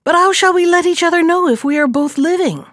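A woman's voice: extremely high pitch, fairly quick, no echo, studio quality, pitched above the performer's own voice. A woman voicing a poor young fisherman in a read-aloud folktale, the elder brother, scornful and impatient. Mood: doubtful.

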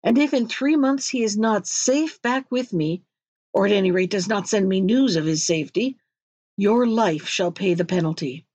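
A woman's voice: medium pitch, animated, normal speed, a little mellow, no echo, muffled recording, natural voice. Give me a woman reading as a fretful commanding king. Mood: alarmed. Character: anxious, imperious old king.

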